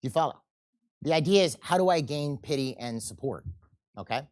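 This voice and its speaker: A man teaching a seminar, animated and often checking in with the audience, and acting out quoted people in changing voices. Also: medium pitch, normal speed. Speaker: seminar instructor. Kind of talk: live seminar lecture.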